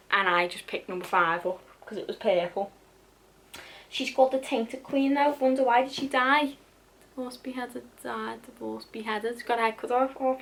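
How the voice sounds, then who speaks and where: A woman's voice: on the high side, a bit bright. Chatty young woman book vlogger. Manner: chatty, swears casually, dramatic asides. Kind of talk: casual chat.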